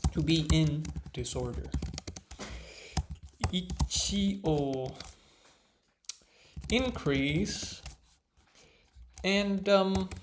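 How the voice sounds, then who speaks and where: A man studying at his computer, muttering words to himself in a casual commentary, mostly soft with sudden excited bursts. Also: fairly high pitch, noisy background. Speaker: language learner vlogger. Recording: loud keyboard typing behind.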